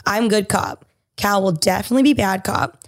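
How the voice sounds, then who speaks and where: A woman co-hosting a casual podcast chat, playful, laughing often and answering with quick agreeing replies. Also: medium pitch. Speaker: guest co-host.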